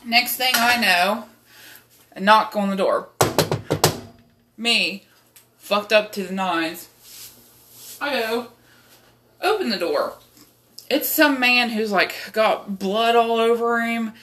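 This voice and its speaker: A woman's voice: a little high, takes it slowly, pauses often, bright, forceful tone. A young woman host telling a rambling, profane personal story, with lots of fillers. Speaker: podcast host. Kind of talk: casual storytelling.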